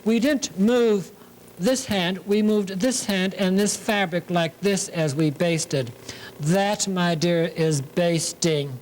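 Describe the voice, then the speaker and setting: A man's voice: high voice, slow pace, a little mellow, a little hiss or hum, low-quality recording. A man hosting a sewing demonstration, talking in a theatrical, camp way, full of 'lovely' and 'darlings'. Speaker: sewing show host.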